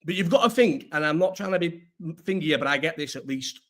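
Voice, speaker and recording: A young Englishman from the North rambles through a loose, sweary livestream chat, stopping and restarting his thoughts. His voice sits a little high for a man, and his throat is sore. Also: animated, fast, a bit bright. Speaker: host.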